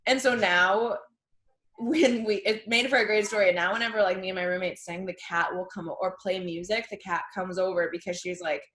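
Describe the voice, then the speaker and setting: A young woman with a Boston accent, a comedian telling stories in casual chat over a video call, acting out quotes with big jumps in pitch. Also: fairly even intonation, a little fast, fairly bright tone, roomy sound. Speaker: podcast guest, comedian.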